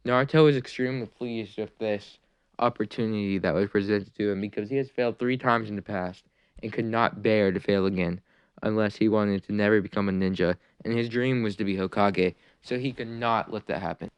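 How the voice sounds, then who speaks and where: A man's voice: lowish voice, fairly even intonation, a little fast, clear, resonant tone, no echo, dull audio. A man casually narrating a fan-made what-if anime story, rambling with fillers and restarts.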